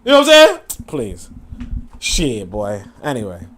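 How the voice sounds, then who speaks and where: A man hosting a casual livestream, reacting to a video and chat with profane, animated talk, laughing asides and lots of fillers. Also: mid-range voice, a little slow, slight background noise.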